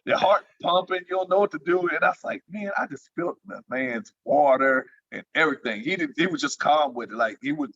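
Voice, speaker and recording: A man telling lively stories as an interview guest, leaping up in pitch when he gets excited. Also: a little fast, few pauses, husky, highs cut off. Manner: animated storyteller, jumps high in pitch for excited quotes. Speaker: guest, former pro basketball entertainer. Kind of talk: storytelling in casual interview.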